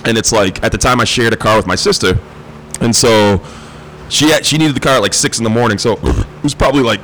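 A man's voice: fairly low pitch, fast, fairly bright tone, low-quality recording. A man, telling a rowdy story in casual chat, laughing often and swearing freely. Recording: faint background noise.

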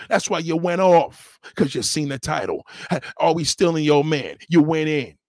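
A man's voice: fairly high pitch, animated, normal speed, hardly any pauses, darkish tone, no echo, clean studio sound. A man hosting a livestream, scolding a viewer in a heated, repetitive rant. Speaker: livestream host. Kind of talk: ranting commentary.

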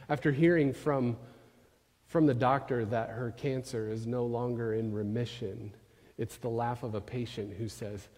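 A man giving a sermon, telling a story with emphatic questions and soft drops. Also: mid-range voice, fairly even intonation, moderate pace. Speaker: pastor. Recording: long hall reverb.

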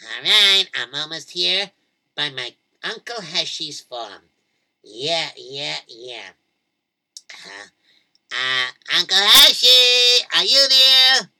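A man's voice: a little high, animated, slow pace, long pauses, sharp tone, exaggerated voice. A man voicing a timid little boy who stammers and hesitates as he speaks. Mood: eager.

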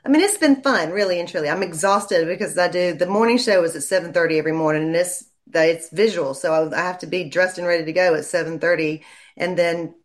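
A woman, a lawyer chatting in an interview and telling stories in a lively way. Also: lowish voice, fast. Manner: chatty storyteller, animated when quoting people. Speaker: lawyer and legal commentator. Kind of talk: casual interview chat.

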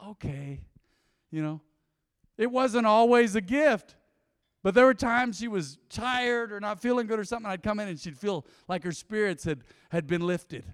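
A man preaching a sermon, telling stories and asking his congregation questions in an animated way. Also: high voice, moderate pace, clear, resonant tone, studio quality. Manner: animated storytelling, lively asides to congregation. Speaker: pastor. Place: church sanctuary. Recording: long reverb in a hall.

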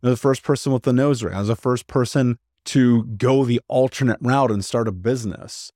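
A man's voice: medium pitch, a little fast, dry recording, studio quality. A man guest on a podcast, telling his own story frankly and with energy, often acting out what others said. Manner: animated, frank storytelling with quoted voices. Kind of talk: candid storytelling.

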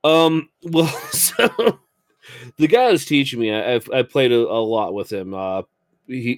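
A man's voice: fairly low pitch, no room sound, clean studio sound. A man co-hosting a casual chat, telling a story with hesitant, stammering starts and many fillers. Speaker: podcast co-host.

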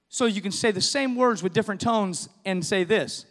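Middle-aged male preacher, very high voice, impassioned sermon delivery, recorded in a big reverberant church hall. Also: normal speed. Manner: impassioned preaching, rising to shouts. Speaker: pastor. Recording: long reverb of a large hall.

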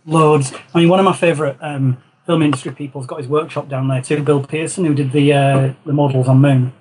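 A man's voice: fairly high pitch, steady tone, a little fast, a little mellow, a little hiss or hum, low-quality recording. A man from Yorkshire with a Northern English accent, telling stories as a guest in a casual interview. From Yorkshire, North England. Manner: rambling anecdotal storyteller. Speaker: guest, film concept designer.

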